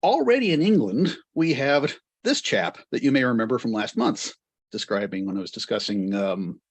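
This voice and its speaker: A man's voice: lowish voice, a little mellow, breathy edge, no echo. A man giving an astronomy history lecture to a club, digressive and full of wry asides.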